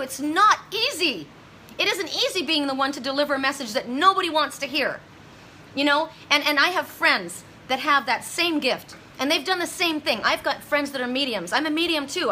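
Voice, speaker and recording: Woman, psychic medium, high voice, bright and sharp tone, intense, rambling, restarts. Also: animated, a little fast, a little hiss or hum. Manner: dramatic retelling with voiced quotes. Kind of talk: emotional monologue to viewers.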